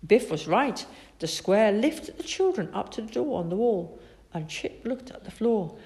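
A woman reads a children's storybook aloud with expressive, animated storytelling. Her pitch rises and falls a great deal. Her voice sits in the middle of a woman's range. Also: moderate pace. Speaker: narrator.

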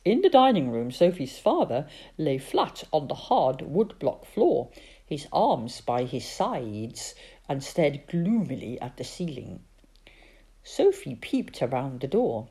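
A woman reading a children's story aloud in a lower, mellow voice. Her delivery swoops wildly up and down, dropping to hushed, breathy asides for suspense. Warm and theatrical storytelling. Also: takes it slowly. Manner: expressive, with hushed dramatic asides.

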